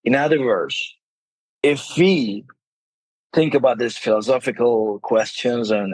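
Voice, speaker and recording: A man's voice: mid-range voice, a little slow, darkish tone, no room sound, poor audio. A man appearing as a guest in a podcast interview, speaking earnestly and emphatically. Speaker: game studio CEO, podcast guest.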